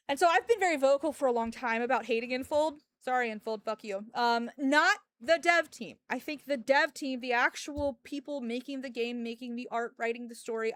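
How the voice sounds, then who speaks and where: A woman with a fairly high voice chats to her stream viewers from home, close to the mic in a dry, dead room. She vents her frustration in loose, casual talk, breaking into laughs and the odd curse. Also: a bit bright, dry recording. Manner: frustrated, venting, with frequent laughs and swearing.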